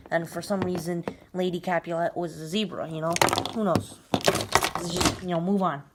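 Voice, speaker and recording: A woman's voice: on the low side, fairly even intonation, moderate pace. A young woman telling a comic, rambling retelling full of filler words. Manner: rambling, filler-heavy valley-girl talk. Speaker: storyteller. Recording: noisy recording with clicks.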